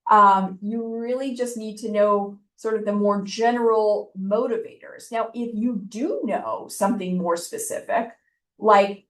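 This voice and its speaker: A woman's voice: mid-range voice, steady tone, unhurried. A woman giving informal admissions advice in a chatty way, with frequent fillers. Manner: chatty, with frequent ums and likes. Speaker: law school admissions speaker. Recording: echoey room, voice from a distance.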